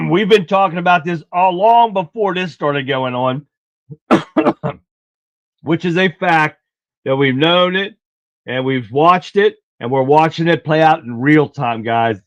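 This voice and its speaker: A man hosting a political livestream, talking in a blunt, folksy way and clearing his throat often. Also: a little high, slow pace, no room sound. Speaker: livestream host. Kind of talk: casual political commentary. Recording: dull lo-fi dry sound.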